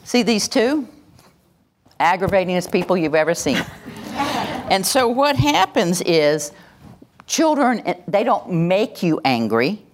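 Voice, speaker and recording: Woman, low voice, workshop presenter, live talk, acts out phrases, call-and-response. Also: very animated, slow, pauses often, slight background noise.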